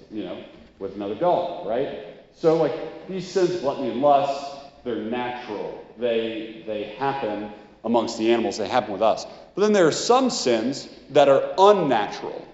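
A man's voice: medium pitch, darkish tone. A man giving a sermon in a casual, conversational way, full of fillers. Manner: casual, conversational, many "like" and "you know". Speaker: preacher. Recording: echoey hall, dull sound.

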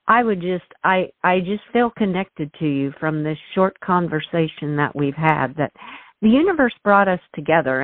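A woman's voice: low-pitched, no echo. A woman hosting a podcast interview, effusive and emotional, often restarting her sentences. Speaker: host. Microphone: call. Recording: tinny phone line.

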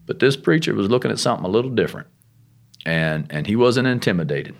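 A man, a missionary guest, telling his testimony in a folksy, rough-spoken and animated way. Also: on the low side, fast. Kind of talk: casual testimony storytelling.

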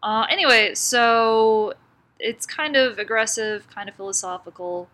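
A woman's voice: on the high side, measured pace, bright, forceful tone. A woman co-hosting a casual podcast, introducing bands in a rambling, giggly way and swearing casually. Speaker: podcast co-host presenting bands. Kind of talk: casual chat.

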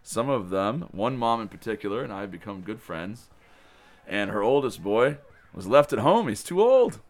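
Male camp director, lower voice, warm enthusiastic storyteller, loose and rambling. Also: sing-song, normal speed. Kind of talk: casual spoken recap of the day.

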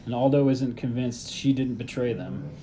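A man talks through a film's plot on a podcast in a loose, profane, laid-back way. His voice is mellow and dark. There's a faint hiss of noise in the background. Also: mid-range voice, moderate pace. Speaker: podcast co-host recapping a film. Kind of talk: casual film recap chat.

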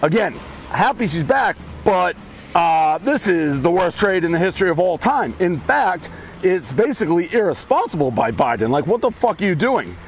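A man's voice: high voice, big pitch swings, moderate pace, a little hiss or hum. Breathless, fired-up man ranting outdoors. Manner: blunt, profane, fired-up. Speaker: commentator ranting in a video clip. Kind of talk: casual rant while walking. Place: outdoors on a street, walking.

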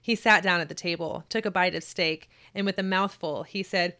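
Nurse lady reading her story out loud, does the voices, then chats. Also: on the low side, moderate pace. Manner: animated reader who acts out quoted voices. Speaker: podcast co-host reading her own short story; home health nurse. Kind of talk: casual chat and story reading.

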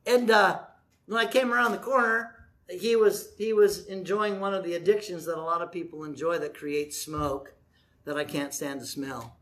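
A man's voice: high voice, fairly even intonation, normal speed, fairly bright tone. A pastor in his sixties preaches a sermon like he is chatting with friends. His manner is folksy and joking, with a plain, easygoing conversational delivery. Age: 60s.

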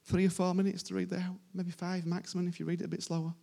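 A man's voice: high voice, monotone, quick pace, vocal fry, mellow. A man preaching a sermon to a congregation in an informal, emphatic way, repeating his phrases. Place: church service before a congregation.

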